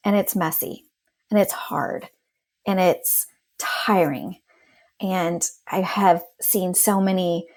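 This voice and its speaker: A woman teacher being interviewed, talking in a lively way and acting out what she says in class. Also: on the low side, gravelly. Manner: animated, acts out classroom talk in quotes. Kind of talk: casual interview talk.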